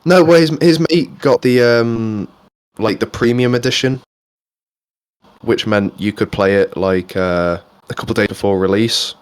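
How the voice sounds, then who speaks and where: A man's voice: fairly low pitch, measured pace, clear, resonant tone. A young man from England co-hosting a podcast in casual chat, rambling and swearing freely with many restarts. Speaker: podcast co-host.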